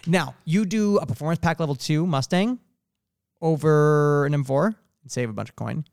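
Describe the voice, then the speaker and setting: A man co-hosting a casual podcast about cars, talking in quick emphatic bursts with opinions and frequent restarts. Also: on the high side, creaky, darkish tone, no room sound, clean studio sound. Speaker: podcast co-host. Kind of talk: casual car talk chat.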